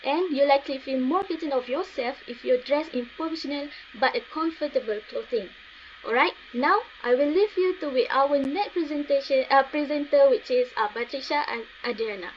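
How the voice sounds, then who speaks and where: A young woman with a Malaysian accent giving a student presentation in an online class, pausing often with fillers. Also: sits high. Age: young adult. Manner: hesitant, many fillers. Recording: dull lo-fi recording with faint noise.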